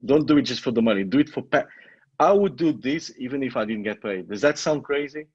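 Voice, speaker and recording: Husky-voiced coach with a foreign accent. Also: male voice, medium pitch, animated, a little fast, no echo. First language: not English. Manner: emphatic, repeats himself, swears casually. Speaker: online marketing coach. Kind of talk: motivational live coaching talk. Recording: dull lo-fi audio.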